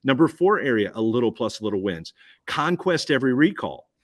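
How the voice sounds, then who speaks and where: A man giving an energetic business pitch at a roundtable, punchy and repetitive, firing questions at the listener. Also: brisk. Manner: punchy, repeats key phrases, asks listener questions. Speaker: guest speaker.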